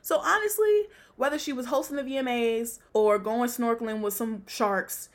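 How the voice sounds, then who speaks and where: A woman's voice: fairly high pitch, normal speed. A young woman hosting a podcast, blunt and profane, ranting about pop culture and laughing often. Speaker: podcast host. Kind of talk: casual pop-culture commentary.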